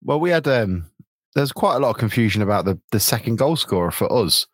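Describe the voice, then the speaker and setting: A man's voice: mid-range voice, big pitch swings, a little fast, husky, dry recording. A man from England hosting a casual football podcast over a video call, chatty, with many ums, restarts and laughs. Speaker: podcast host.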